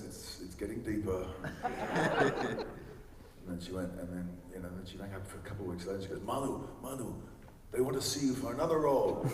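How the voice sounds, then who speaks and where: A man's voice: fairly low pitch, very noisy. A man in his forties, a guest at a convention panel, telling chatty stories to a live audience. He laughs often and acts out other people's lines. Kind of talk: anecdotal storytelling to a live audience. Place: large convention hall. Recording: echoey hall recorded from far off.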